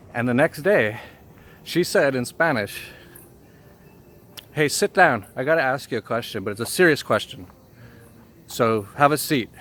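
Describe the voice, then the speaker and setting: Man telling a heartfelt story, halting. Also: on the low side, a little hiss or hum. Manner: emotional and halting, laughs softly between phrases, many fillers. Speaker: channel host telling a personal story. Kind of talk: casual personal storytelling. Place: home in Mexico.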